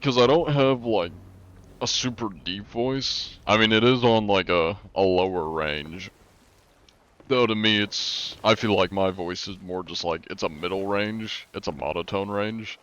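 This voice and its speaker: A man with a very low, slightly raspy voice chats casually on a live stream, talking in a flat monotone. His speech leans heavily on filler words. The audio sounds a little dull and lo-fi. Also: a little slow. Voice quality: raspy-ish, not smooth.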